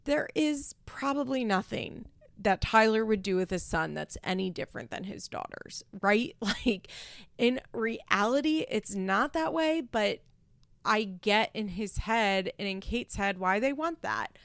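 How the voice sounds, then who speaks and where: A woman in a casual opinion chat, speaking with a noticeable vocal fry. She talks frankly, full of "like" and restarts. The recording is close and dry. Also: mid-range voice, lively intonation, a little slow, fairly bright tone, dry recording. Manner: chatty, lots of "like" and restarts, frank swearing. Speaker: reality TV commentator.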